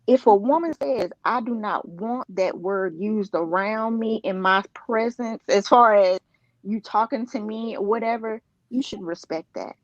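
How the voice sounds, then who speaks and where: A woman's voice: mid-range voice, a little slow, no room sound, muffled recording. A woman on a discussion panel, speaking earnestly and emphatically, with frequent restarts. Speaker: panel guest.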